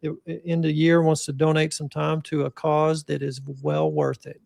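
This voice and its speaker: A man's voice: a little high, completely flat delivery, normal speed, gravelly, darkish tone, no echo. A man hosting a faith-centered podcast, speaking in an encouraging, preacherly, folksy way. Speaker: podcast host, physician.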